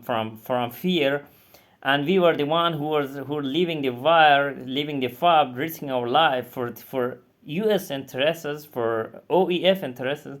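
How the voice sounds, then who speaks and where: A man's voice: medium pitch, fairly bright tone. Bitter, profane man telling his story. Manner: bitter, profane, halting with many restarts. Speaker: former combat interpreter. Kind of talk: angry personal storytelling.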